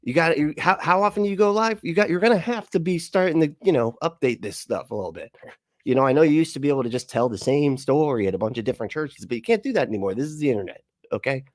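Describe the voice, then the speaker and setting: A man's voice: on the high side, expressive, quick pace, no echo, studio quality. Sarcastic man reacting on a live stream. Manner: sarcastic, laughing, swearing. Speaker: commentary streamer. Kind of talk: mocking reaction commentary.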